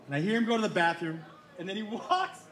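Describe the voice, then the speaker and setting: A man doing stand-up comedy, telling an animated story and playing both sides of the dialogue. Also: high-pitched, fast talker. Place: comedy club stage with live audience. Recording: live club room echo with crowd laughter.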